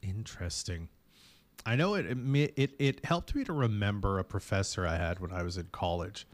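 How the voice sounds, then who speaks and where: Lively, deep-ish male radio host. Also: moderate pace, no echo. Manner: animated storyteller, slips into put-on voices. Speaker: radio morning show host. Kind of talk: casual morning radio banter. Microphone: studio microphone.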